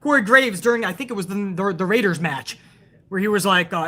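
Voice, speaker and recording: A woman hosting a show rants hard about wrestling, swearing as she answers viewers in a live chat. Her medium-pitched voice is brisk, bright and forceful.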